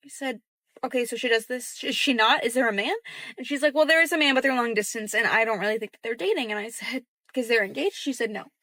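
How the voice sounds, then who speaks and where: A young woman casually telling a story about her roommate, quietly acting out the dialogue. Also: on the high side, quick pace, dry recording. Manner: chatty, acts out quoted dialogue in a hushed voice.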